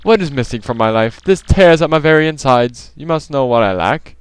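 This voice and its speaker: A man voicing a pompous, theatrical rich male merchant while reading game dialogue, with grand drawn-out exclamations. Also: medium pitch, animated, clean tone, no echo, pitched above the performer's own voice, lightly acted. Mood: grandiose. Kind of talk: let's play voice reading.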